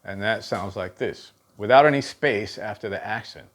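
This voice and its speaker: A man's voice: on the low side, moderate pace. A man giving a drum lesson, counting beats aloud and often checking in with "okay". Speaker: drum instructor. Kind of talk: teaching drum technique.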